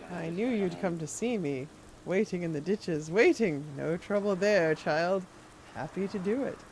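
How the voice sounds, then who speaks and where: An unsettling old man creeping through his lines in a slow, syrupy voice, as a woman reads him from a game. His pitch sits on the low side, and his menace stays quiet and patient. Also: expressive, slight background noise. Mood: menacing. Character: creepy older man, unsettling self-appointed guardian. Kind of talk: reading game dialogue aloud.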